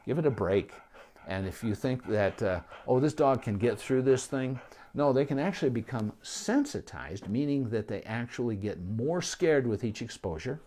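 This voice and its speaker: Brief: male vet teaching dog owners, animated delivery, lowish voice that swings wide, goes quiet for gentle praise. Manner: animated, with many restarts and asides; drops to a soft voice for calm praise. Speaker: veterinarian. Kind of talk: casual instructional talk to camera.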